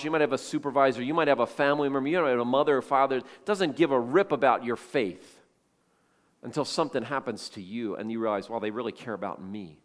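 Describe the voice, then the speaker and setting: A man's voice: medium pitch, long reverb tail. A male pastor preaching a sermon, telling the story with feeling and acting out the voices of the people in it.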